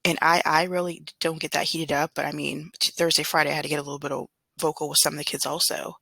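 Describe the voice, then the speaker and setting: Bright, husky-voiced woman telling a story. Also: low voice, little pitch movement, fast talker, dry recording. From Southern California. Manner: chatty, rambling, with fillers and throat clearing. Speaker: substitute teacher. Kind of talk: casual storytelling vlog.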